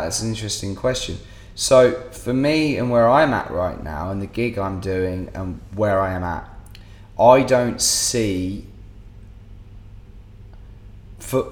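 A man's voice: fairly low pitch, darkish tone, reverberant. A man with an English accent, a guest musician in a casual podcast chat, talking animatedly and swearing freely.

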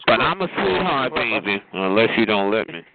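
A man's voice: lowish voice, sing-song, normal speed, vocal fry. A man hosting a call-in show with flamboyant, sassy banter, calling everyone child and honey. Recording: tinny noisy phone line.

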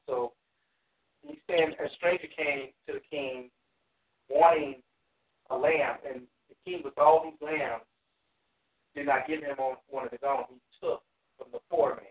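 A man leading a Bible study, reading verses aloud slowly and then explaining them in plain words with "you know" fillers. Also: mid-range voice, steady tone, far from the mic. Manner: reads verses in slow, measured King James phrasing, then explains plainly with fillers. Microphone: phone or call line. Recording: tinny phone line with roomy echo.

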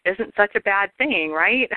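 A woman's voice: mid-range voice, lively intonation, slow, slight background noise. A woman on a group call chatting in a rambling way, full of "like" and "you know.". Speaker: call participant. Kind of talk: casual personal sharing. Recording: tinny phone line, dry.

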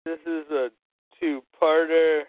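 A man poses a trivia question slowly, stopping, circling back and repeating parts of it. His voice sits a little high for a man. The sound is dry and thin, like a phone line. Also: level tone, no room sound. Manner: slow, halting, repeats himself. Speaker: guest asking trivia. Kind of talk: casual podcast chat.

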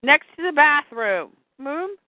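A woman reading aloud and voicing a blunt, bossy warrior woman in a deadpan way, heard over a tinny phone-like line. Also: high voice, slow pace, dry recording, pitched above the performer's own voice, exaggerated voice.

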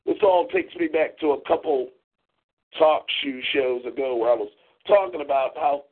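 A man's voice: medium pitch, moderate pace, slightly rough. A man hosting a talk show, ranting in a profane, mocking, confrontational way. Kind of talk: angry call-in show rant. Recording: tinny phone-line audio.

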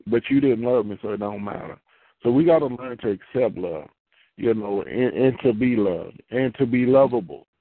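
A man's voice: mid-range voice, moderate pace, no echo. Preaching man on a tinny phone line. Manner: conversational, repeats phrases, rises into fervent prayer. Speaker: pastor. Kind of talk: preaching and prayer.

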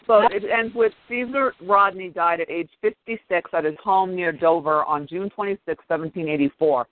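A man's voice: high-pitched, moderate pace. A man co-hosting a history podcast who reads passages aloud and makes rousing, impassioned pleas to his listeners. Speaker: podcast co-host. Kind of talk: reading history and plugging a podcast. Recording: dry, tinny phone line.

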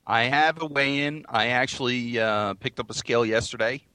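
A man co-hosts a podcast with dry, halting sarcasm. His voice is bright and sharp, recorded close and dry. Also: mid-range voice, clear, resonant tone, no room sound. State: sounding odd this morning. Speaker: podcast co-host. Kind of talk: casual podcast chat.

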